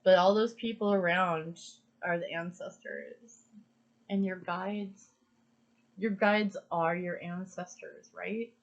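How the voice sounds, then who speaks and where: A woman's voice: lowish voice, fairly even intonation, slow, lo-fi sound. A woman giving an earnest, emphatic pick-a-card reading, repeating phrases for stress. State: emotional. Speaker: tarot card reader.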